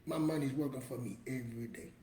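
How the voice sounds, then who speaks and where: A man's voice: medium pitch, lively intonation, fast talker, warm tone, slight background noise. Emphatic middle-aged man in a roomy space. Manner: emphatic, repetitive, colloquial, preachy. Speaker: motivational show host. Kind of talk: casual motivational talk. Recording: roomy echo with faint ambience.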